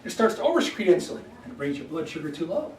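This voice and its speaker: A high-pitched man runs a folksy health workshop and keeps asking the crowd "okay?". He is caught from across an echoey room by a distant mic. A faint hiss sits under his voice. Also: very animated, racing, a little mellow. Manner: folksy, repeats "okay?" to check in with listeners. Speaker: chiropractor giving a health workshop. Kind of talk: lecture to a live audience. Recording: echoey room, voice from far off, faint background noise.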